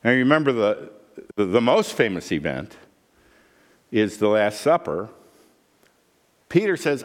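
A man preaching a sermon as pastor, animated and humorous, acting out the voices he quotes. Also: on the low side, a little slow, pauses often, big-room sound.

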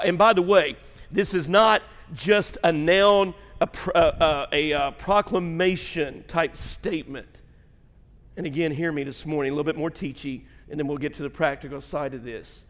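A man preaching a sermon in a church, folksy and joking with the congregation, emphatic and slow when reading scripture. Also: a little high, fairly bright tone. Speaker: pastor. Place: church sanctuary. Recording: long hall reverb.

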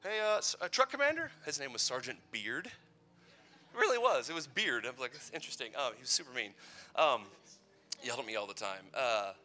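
A youth pastor in his thirties, speaking at medium pitch in a brisk, sharp, very animated way, delivers a conversational youth sermon. It's playful, full of personal anecdotes, and sprinkled with teasing asides.

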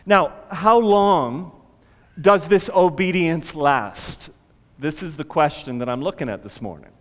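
A male pastor preaching an animated sermon, acting out panicked prayers along the way. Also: fairly high pitch, a little slow, big-room sound.

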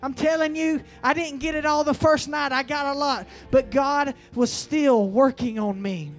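A man preaching a fiery revival sermon, swinging between loud bursts and slow, emphatic lines. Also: very high voice, steady tone.

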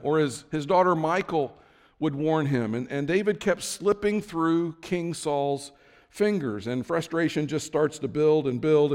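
Chatty preacher in a reverberant hall. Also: male voice, fairly high pitch. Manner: conversational, with many restarts and asides. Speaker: pastor. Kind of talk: sermon.

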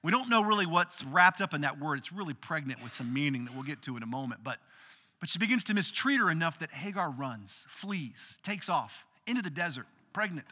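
A man preaching a casual, animated sermon, retelling a Bible story in everyday words. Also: on the high side, a little fast, big-room sound. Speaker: pastor.

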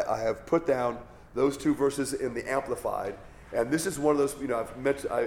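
A man's voice: mid-range voice, vocal fry, darkish tone, slight background noise. A man teaching the Bible as a pastor. He talks in a conversational way, often restarts phrases and checks in with "all right?".

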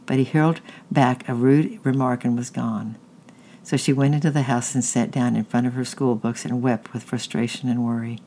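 A narrator reads a novel chapter aloud in a steady, even storytelling manner. The voice is mid-pitched, with a faint rumble behind it. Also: moderate pace. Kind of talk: audiobook reading.

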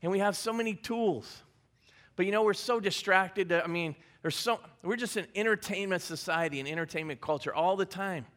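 A man's voice: high voice, brisk, a bit bright. A male pastor giving a sermon in a conversational way, repeating key phrases and adding light humor. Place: church service.

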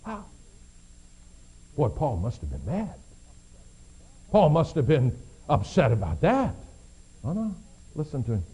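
Slow, dramatic male preacher. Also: on the high side, huge pitch swings, slightly rough, low-quality recording. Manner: dramatic, swings from hushed to emphatic. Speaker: pastor. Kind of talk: sermon.

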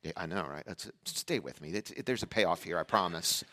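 A man preaching a sermon as a pastor, telling a family story in a casual, conversational way and acting out the dialogue with lively energy. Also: deep voice, brisk. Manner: animated storyteller who acts out dialogue.

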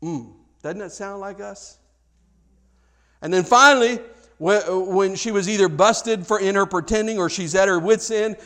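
With a slightly bright voice, a middle-aged pastor gives a sermon built on storytelling, talking casually and conversationally. He often cuts himself off and begins again while telling family stories, and performs dialogue with dramatic pitch jumps.

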